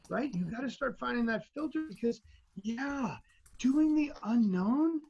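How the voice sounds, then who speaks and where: Gravelly, animated man telling stories. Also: very high-pitched, a little slow, highs cut off. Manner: energetic, emphatic, often adds "right?". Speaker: guest, entrepreneur. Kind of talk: animated motivational storytelling.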